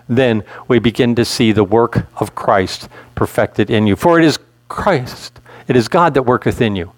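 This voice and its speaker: A man's voice: medium pitch, dry recording. A male pastor preaching a sermon in a conversational way, asking his listeners questions.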